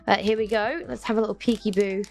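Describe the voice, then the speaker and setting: A young woman, chatting excitedly through an unboxing and humming little tunes as she goes. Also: medium pitch, quick pace, gravelly, soft background music. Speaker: unboxing vlogger. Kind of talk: casual unboxing chat.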